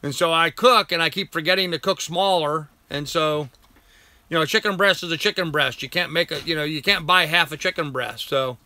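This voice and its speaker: A man's voice: a little high, a little fast, pushed and bright, no room sound. An older man hosting a casual live chat from home. He rambles, thanks viewers by name and coos at his dog. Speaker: live-stream host.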